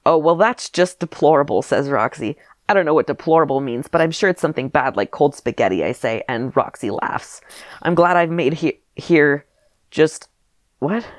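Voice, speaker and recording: A woman's voice: low-pitched, lively intonation, moderate pace, no echo, clean studio sound. A woman reading her childhood story aloud and mocking it with wry asides and laughter. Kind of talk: comedic reading of old diary with commentary.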